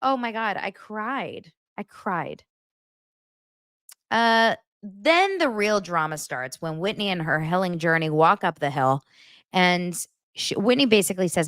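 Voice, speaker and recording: A woman with a fairly low voice chats through a reality-TV recap, gossipy and expressive, slipping into the cast's lines as she goes. The sound is dry and close, with no room around it. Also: measured pace, no room sound. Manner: gossipy and expressive, acts out quotes. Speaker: podcast host. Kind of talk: casual reality-TV recap chat.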